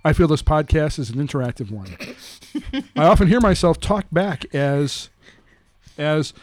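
A man co-hosting a casual podcast, reading listener emails aloud in a halting way with fillers and chuckles. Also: a little high, very animated, no echo. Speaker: podcast co-host.

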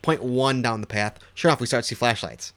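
A man's voice: medium pitch, fairly quick, a bit bright. Man, casual chat, rambling storyteller, swears, laughs a lot. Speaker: podcast co-host.

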